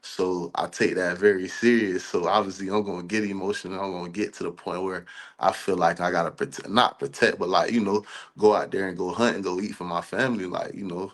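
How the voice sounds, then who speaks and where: Deep-voiced young man, laid-back and slangy. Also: a little fast. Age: young adult. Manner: relaxed, slangy, rambling with many fillers. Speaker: college football player guest. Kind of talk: casual interview chat.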